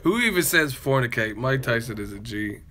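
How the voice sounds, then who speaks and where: A man's voice: mid-range voice, animated, brisk, noisy background. A man hosting a live stream, reacting to clips with profanity and laughter. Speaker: boxing channel host. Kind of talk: casual live-stream commentary.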